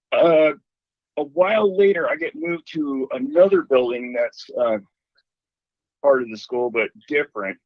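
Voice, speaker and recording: A man calling in to a show and telling a ghost story in an animated way, acting out the voices he quotes. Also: mid-range voice, measured pace, no echo. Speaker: caller. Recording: dull phone line.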